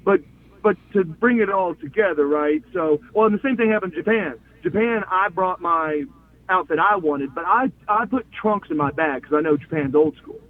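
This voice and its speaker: Middle-aged ex-wrestler guy on a phone line, excited storyteller, lots of restarts, voice sits a bit high. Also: normal speed. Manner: excited, repeats words and restarts, acts out quotes. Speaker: guest, former pro wrestler. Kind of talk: animated storytelling in an interview. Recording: phone-like line with faint hiss.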